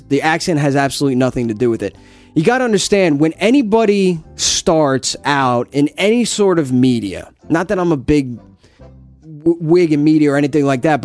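A man with a thick New Jersey accent, pitched fairly high, hosting a loose podcast. He talks in animated, jokey, profane banter, with faint music behind him. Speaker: podcast host. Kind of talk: casual chat.

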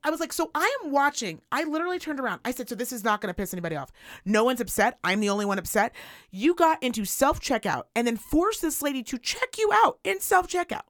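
A woman co-hosting a podcast, telling a profane, animated story and acting out the people in it. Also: sits high, fast talker, dry recording, clean studio sound. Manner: animated, profane, acts out voices. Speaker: podcast co-host. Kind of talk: casual chat, storytelling rant.

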